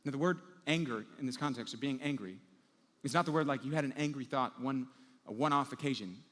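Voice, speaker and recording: A man preaching a sermon as pastor, telling everyday scenes with lively acted-out moments. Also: medium pitch, brisk, long reverb tail. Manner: animated storytelling, acting out everyday scenes.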